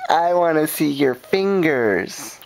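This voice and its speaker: A young woman, a parent at home, chatting playfully with her toddler in a sing-song, coaxing way, laughing often, filmed on a home video camera. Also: deep voice.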